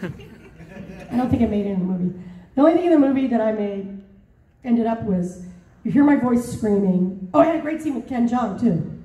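Animated woman telling stories at a panel. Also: fairly high pitch, normal speed, long pauses, lo-fi sound. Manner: animated, laughing, lots of fillers. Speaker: voice actor and convention guest. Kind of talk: storytelling at a convention panel. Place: large convention hall. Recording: roomy hall, mic far off.

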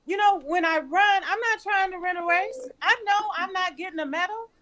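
A woman physician on a live panel, giving relaxed, encouraging advice on exercise. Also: very high-pitched, normal speed. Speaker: physician guest.

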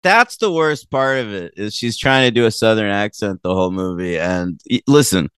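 A man's voice: on the low side, animated, normal speed, fairly bright tone, clear, resonant tone, dry recording. A man hosting a film podcast in casual chat, teasing his co-host and blunt in his opinions.

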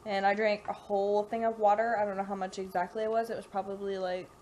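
A woman with a Southern US accent talks to her camera at home. She rambles along in casual chat, stringing thoughts together with fillers. Her voice sits at an ordinary middle pitch, with a faint hum in the background. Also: flat delivery, quick pace, a little mellow. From Mississippi, US. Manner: chatty and rambling, full of "like" and "you know". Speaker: vlogger. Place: home kitchen, indoors.

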